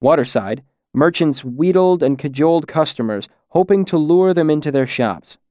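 A man reading a first-person story aloud in a measured way, dropping quieter on the darker lines. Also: fairly high pitch, animated, no room sound, clean studio sound. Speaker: audiobook narrator. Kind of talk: scripted first-person narration.

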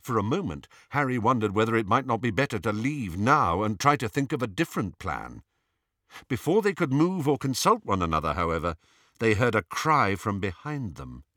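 A man narrating an audiobook in an expressive, storytelling manner. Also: on the low side, normal speed, no echo, clean studio sound.

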